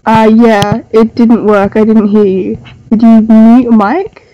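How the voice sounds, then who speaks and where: A young livestreaming artist from Australia draws while chatting casually, her nose stuffed up from a cold so her voice sounds nasal. She speaks at a measured pace in a slightly high, steady voice, picked up by a desk microphone with lo-fi sound.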